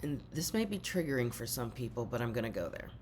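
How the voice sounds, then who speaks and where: A woman's voice: extremely low pitch, very animated, fast, darkish tone, a little hiss or hum. An older woman giving an earnest spiritual talk and speaking directly to her viewers as a teacher.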